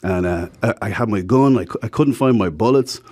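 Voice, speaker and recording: A man with an Irish accent and a lowish voice speaks briskly as a guest telling stories in casual talk. He's frank and becomes animated acting out the people he quotes.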